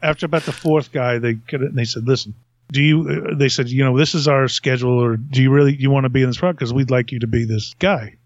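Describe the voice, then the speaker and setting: A man's voice: medium pitch, steady tone, fast, no echo. A man hosting a podcast, telling a long story in a rambling way and chuckling often. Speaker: podcast host. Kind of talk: casual storytelling. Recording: dull lo-fi sound.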